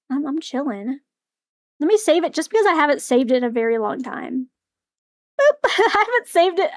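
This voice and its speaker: A woman's voice: high-pitched, sing-song, normal speed, long pauses, dry recording, clean studio sound. A young woman streaming a game, chatting to herself with giggles, sighs and swearing. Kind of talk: casual livestream commentary.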